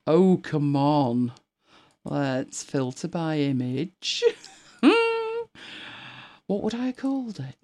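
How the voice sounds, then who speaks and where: A middle-aged woman hosts a casual live stream and chats freely with her viewers. Her pitch swings widely, rising and dipping as she talks. She laughs often and greets people by name while she hunts for pictures. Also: animated, slow.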